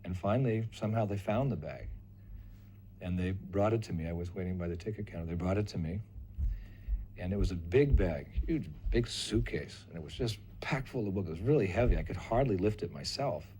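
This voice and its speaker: An older man recounting a personal memory as a lively storyteller who acts out other people's lines. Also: sits low, fairly quick, a little hiss or hum. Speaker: devotee recalling memories.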